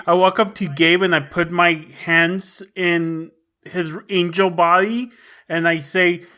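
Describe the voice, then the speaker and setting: A player in a tabletop role-play game who speaks haltingly with many pauses and fillers. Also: mid-range voice, fairly even intonation, pushed and bright.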